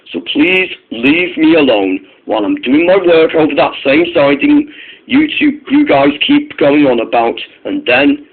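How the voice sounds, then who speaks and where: A man voicing a stern male railway boss, firm and halting. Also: mid-range voice. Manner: firm, refusing, hesitant restarts. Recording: tinny phone-like recording.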